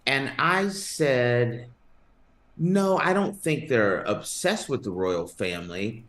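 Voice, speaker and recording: A man's voice: mid-range voice, lively intonation, slow pace, fairly bright tone. A man hosting a sports podcast, chatting casually with a co-host, laughing and rambling as he talks. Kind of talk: casual chat. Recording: roomy echo.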